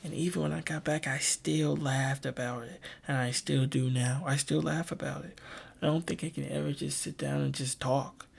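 A young man hosting a personal podcast, talking in a subdued, halting way with lots of fillers, restarts and casual slang. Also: fairly even intonation, vocal fry, husky. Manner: subdued, low-key delivery. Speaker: podcast host.

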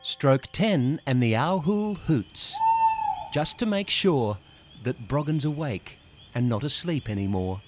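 A man narrating a rhyming children's story in a gentle, rhythmic way. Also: medium pitch, expressive, slow pace, over loud music.

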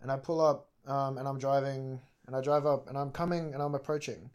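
A young man co-hosting a podcast, telling stories in casual chat with lively, sweary delivery. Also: mid-range voice, a little fast, smooth, highs cut off. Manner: animated storytelling with swearing. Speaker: podcast co-host.

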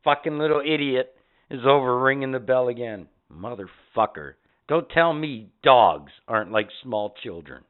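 Telling meandering stories packed with profanity, this man hosts a podcast in a casual, animated rant. He speaks at medium pitch and moderate pace with a clear, resonant tone, though the audio sounds tinny, like a phone.

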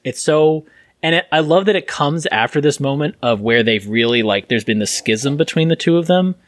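A man's voice: fairly high pitch, animated, normal speed, dry recording. Podcast co-host, man, eager and rambling, close dry mic. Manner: enthusiastic, rambling, many restarts. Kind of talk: casual film podcast discussion.

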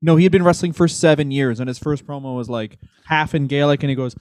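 A man with a somewhat high voice jokes loosely on a comedy podcast and laughs easily. He talks in a casual, offhand way. The recording is dry and close. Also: fast talker, few pauses, a little mellow, dry recording. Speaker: podcast co-host.

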